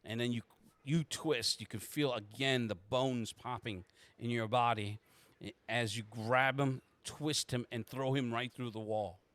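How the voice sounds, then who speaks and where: A man's voice: medium pitch, steady tone, measured pace, a bit bright, dry recording. A man running a tabletop game as game master, narrating in the second person with frequent halts and restarts.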